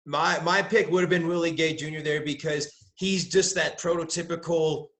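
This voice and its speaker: A young man co-hosting a casual sports talk show, giving animated, opinionated football draft analysis. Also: fairly high pitch, moderate pace. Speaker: podcast co-host, mock draft participant.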